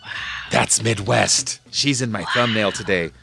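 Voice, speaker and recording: A man's voice: fairly low pitch, moderate pace, vocal fry, pushed and bright, faint music behind. A man hosting a casual gaming livestream, chatting and laughing with friends and greeting viewers in chat. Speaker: livestream host.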